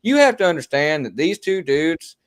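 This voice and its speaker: A man chatting casually on a livestream, animated and profane, throwing in quick jokes. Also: on the high side. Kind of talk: casual chat.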